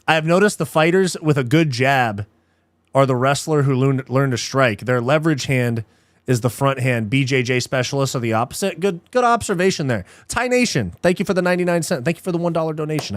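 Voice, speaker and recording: Excitable young man with a dry, close sound. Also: medium pitch, a little fast, no echo. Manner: excitable, frustrated, swears casually, says dude and bro. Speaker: live fight watch-along host. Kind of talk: casual live commentary.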